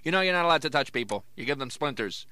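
A man's voice: medium pitch, expressive, fast talker, pushed and bright. A man hosting a comedy podcast as a ventriloquist, joking and punning as the straight man to his dummy.

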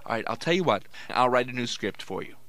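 A man's voice: medium pitch, animated, fast talker, fairly bright tone. A man hosting a comedy podcast as a ventriloquist, joking and punning as the straight man to his dummy.

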